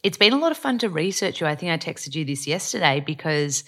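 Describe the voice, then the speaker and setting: Bubbly low-voiced woman with a slight lisp. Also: very animated, fast talker, a bit bright. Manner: bubbly, enthusiastic, rambling. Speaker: podcast host. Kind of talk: casual interview chat.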